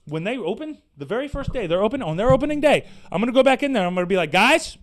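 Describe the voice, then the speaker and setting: A man hosting a podcast, delivering an animated, profane, sarcastic rant in casual slangy talk. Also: sits high, quick pace. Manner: animated, profane, exasperated ranting. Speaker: podcast host. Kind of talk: casual ranting monologue.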